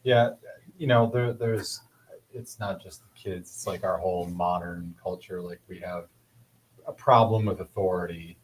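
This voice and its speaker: A man as a podcast guest in casual conversation, halting and restarting his sentences as he thinks aloud. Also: sits low, steady tone, a little hiss or hum, poor audio. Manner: halting, restarts mid-thought.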